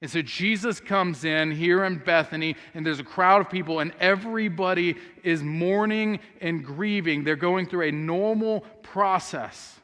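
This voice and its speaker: In a church sanctuary with long hall reverb, a pastor preaches a sermon, earnestly telling a story and voicing the sisters' words aloud. His voice sits high and is a bit bright, unhurried, with few pauses.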